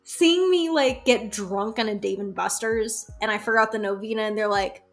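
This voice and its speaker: A woman talking as a podcast guest, telling candid stories in an animated way, laughing and acting out the voices she quotes. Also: mid-range voice, moderate pace, faint music behind. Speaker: guest, folk magic practitioner.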